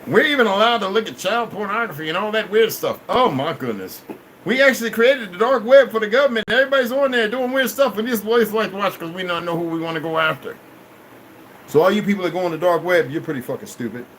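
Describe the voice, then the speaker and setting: A man ranting on a livestream, cursing a lot and swinging between loud outbursts and low mutters. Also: quick pace, slight background noise, poor audio. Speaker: livestream host. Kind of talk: rambling livestream rant.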